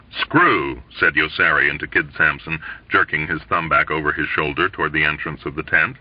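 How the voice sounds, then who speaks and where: A man reading a novel aloud as an audiobook, telling the story in an expressive, lively way. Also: low-pitched, no echo. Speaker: audiobook reader. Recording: dull lo-fi dry recording.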